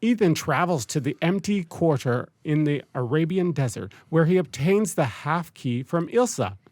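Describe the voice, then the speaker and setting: A man's voice: a little high, expressive, moderate pace, darkish tone, dry recording. A man co-hosting a podcast, steadily reading out a movie's plot between casual remarks. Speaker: podcast co-host.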